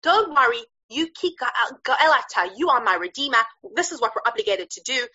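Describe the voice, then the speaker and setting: A woman voicing an earnest young widow who pleads gently with an older man. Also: fairly high pitch, lively intonation, a little fast, husky, highs cut off, exaggerated voice. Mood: pleading.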